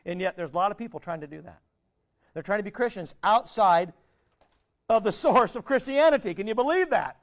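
A man pastor delivering a sermon, pleading and rhetorical, swinging between loud appeals and hushed quiet asides. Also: very high voice.

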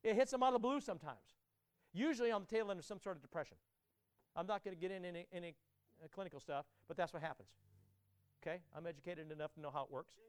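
Male pastor, very high voice, smooth and clear, emphatic sermon delivery with repeated words. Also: quick pace, dry recording. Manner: emphatic, repeats words, builds to loud climaxes.

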